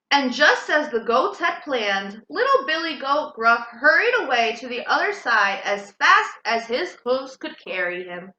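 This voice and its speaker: A woman reads a children's storybook aloud, slow and sing-song, with a lively, high voice. Her bright tone rings in an echoey room. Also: lo-fi sound.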